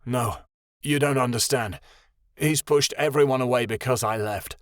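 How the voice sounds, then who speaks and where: A man's voice: medium pitch, moderate pace, no room sound, clean studio sound, lightly acted. Kyoto, a man as a remorseful wounded husband. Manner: pleading, broken.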